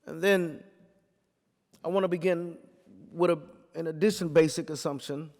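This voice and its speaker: A man's voice: a little high, fairly even intonation, normal speed. Male preacher at a lectern; story-driven talk in a preaching cadence, echoing hall. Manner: rhetorical, repeats phrases for emphasis, builds to forceful peaks. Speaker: pastor giving a talk.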